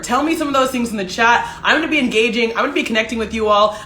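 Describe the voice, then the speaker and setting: A woman's voice: a little high, bright, forceful tone, roomy sound. Tearful, effusive woman livestream host. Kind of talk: solo livestream talk to viewers. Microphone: desk setup with ring light.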